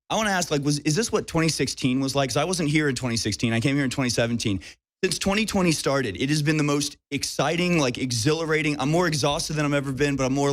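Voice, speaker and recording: A man co-hosting a talk show, talking eagerly and rambling with frequent fillers. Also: mid-range voice. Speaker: co-host reporter.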